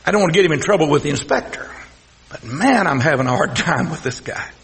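A man with a Texas accent preaching a sermon as pastor, folksy and swinging from loud to hushed. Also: on the high side, animated, quick pace. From South Texas. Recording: echoey hall reverb.

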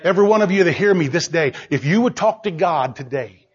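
Impassioned shouting preacher, high lively voice. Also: male voice, a little fast, dull audio. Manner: impassioned, pleading, shouting at peaks then dropping low. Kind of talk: fiery sermon.

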